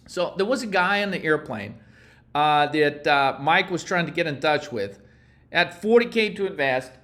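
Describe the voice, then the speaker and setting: Brash, profane high-voiced trading coach. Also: male voice, a bit bright. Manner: brash, profane, heated, mocks timid traders. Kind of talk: profane motivational trading lesson.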